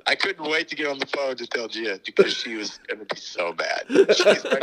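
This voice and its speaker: A man's voice: medium pitch, sing-song, moderate pace, pauses often, fairly bright tone, low-quality recording. A middle-aged man, a racetrack owner, telling rambling, chuckling stories in a casual interview. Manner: rambling, chuckling anecdotes with many restarts.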